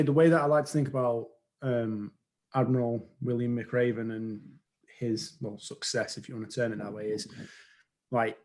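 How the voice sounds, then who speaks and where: A man with a mid-range voice speaks in an earnest, motivating tone. He stacks up his points one after another as a coach would. His pitch sits right in the ordinary middle. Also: a little mellow. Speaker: performance coach. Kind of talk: casual group discussion.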